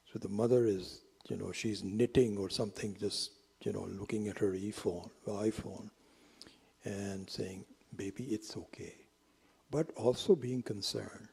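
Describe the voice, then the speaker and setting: A man with a very husky, breathy voice tells a teaching story. His tone is dark and mellow, and he sits on the lower side. He often drops into whispered asides, and his voice trails in a long reverb. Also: steady tone, normal speed. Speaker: spiritual teacher. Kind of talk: storytelling lecture.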